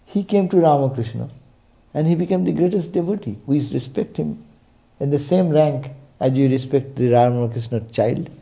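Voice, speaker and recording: A man's voice: a little high, moderate pace, creaky, warm tone. A man giving a spiritual sermon, telling stories and checking in with rhetorical asides. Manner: storytelling, frequent rhetorical "eh?". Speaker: spiritual teacher.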